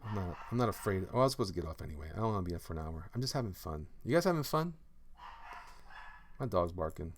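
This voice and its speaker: A man's voice: low voice, expressive, fast, a little hiss or hum. A man, a comic artist, chatting casually on a live stream while drawing, reading viewer comments aloud and breaking into hummed song snippets. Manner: playful, reads chat aloud, hums and sings snippets.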